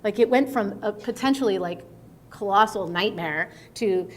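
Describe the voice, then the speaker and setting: A middle-aged woman speaking as a guest speaker at a conference, in a conversational, animated way. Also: medium pitch, normal speed, slight background noise. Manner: conversational, animated, acts out quotes. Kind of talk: conference talk. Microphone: microphone at a conference.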